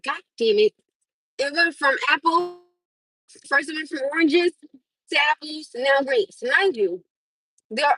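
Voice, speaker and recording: A woman's voice: sits high, slightly rough, dry recording, poor audio. A woman in her thirties hosting a livestream, telling a casual story to viewers with lots of laughter and swearing. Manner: animated, laughs often, swears. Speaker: livestream host.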